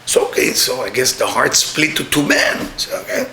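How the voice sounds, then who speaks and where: A middle-aged man with an Israeli accent, giving a spiritual talk with blunt, joking, animated storytelling. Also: medium pitch, moderate pace, hardly any pauses, echoey room, a little hiss or hum. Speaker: kabbalah teacher.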